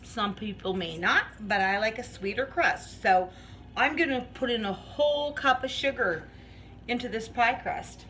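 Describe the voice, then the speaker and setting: Woman vlogger, unhurried kitchen chat, rambling and giggly, faint background hum. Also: a little high, pushed and bright, low-quality recording. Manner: chatty, rambling, laughs often. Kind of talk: casual chat while baking. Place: home kitchen.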